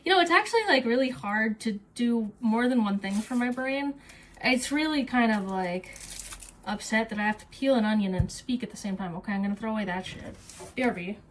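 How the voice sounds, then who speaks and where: Woman, high voice, casual cooking vlog, rambling, self-mocking, swearing, kitchen, loud chopping noise. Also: a little fast. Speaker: streamer and cooking vlogger. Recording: noisy kitchen with chopping sounds.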